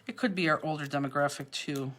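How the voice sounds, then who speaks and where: Chatty woman with a low voice. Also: fast. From Cleveland, Ohio. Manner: chatty, animated, laughs easily. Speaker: craft class host. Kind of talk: casual chat during a live online class.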